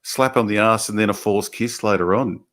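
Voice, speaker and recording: A man's voice: lowish voice, normal speed, a bit bright. A man hosting a live show, rambling and sarcastic in casual chat. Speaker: host.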